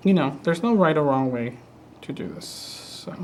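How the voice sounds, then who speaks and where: A man teaching a craft project on a live stream, talking in a relaxed, hesitant way and often repeating words. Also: on the high side, moderate pace, a little hiss or hum. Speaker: craft instructor. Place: studio.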